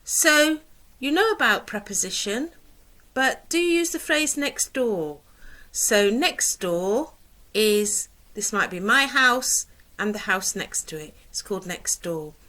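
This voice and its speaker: A woman teaching a lesson, who speaks slowly and deliberately and asks questions in a rising sing-song way. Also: medium pitch, lively intonation, sharp tone, low-quality recording. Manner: slow, deliberate teacherly delivery. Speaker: English teacher. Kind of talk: online English lesson.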